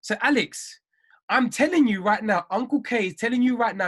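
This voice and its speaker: A man's voice: very high voice, moderate pace, a bit bright, breathy edge. A man giving an emphatic, repetitive motivational live-stream talk as a trading mindset coach. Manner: emphatic, repeats phrases, preachy.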